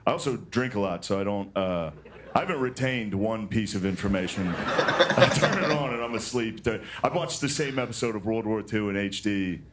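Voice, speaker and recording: A man doing a stand-up monologue on a TV studio stage, telling deadpan, self-deprecating stories to a live audience. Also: on the low side, normal speed. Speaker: stand-up comedian. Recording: broadcast audio with audience noise.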